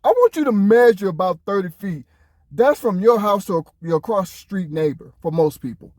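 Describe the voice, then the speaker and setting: A man's voice: high voice, lively intonation, moderate pace, a little mellow, dry recording. A man giving casual reaction commentary, emphatic and incredulous, with lots of rhetorical questions. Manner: casual, conversational.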